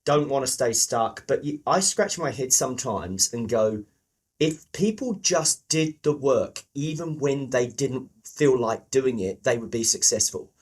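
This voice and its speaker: A man's voice: mid-range voice, lively intonation, measured pace, husky. A middle-aged man from England hosting a sales podcast, chatty and enthusiastic, swearing casually. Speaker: podcast host. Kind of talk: podcast interview.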